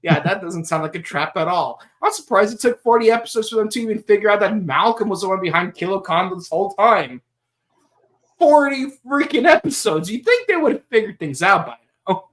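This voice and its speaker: A man's voice: high voice, lively intonation, brisk, fairly bright tone. A man hosting a podcast in casual chat, rambling, laughing often and slipping into silly voices. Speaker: podcast host.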